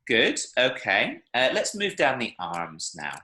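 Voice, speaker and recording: A man teaching a language class over a video call, with a voice that rises and falls a lot. His tone is bright and carries, and he keeps praising his students while he models words for them. The sound rings off the walls of the room he is in. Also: mid-range voice, huge pitch swings, takes it slowly. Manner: encouraging, explains with spoken examples. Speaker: Spanish teacher. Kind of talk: online language lesson. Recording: echoey room.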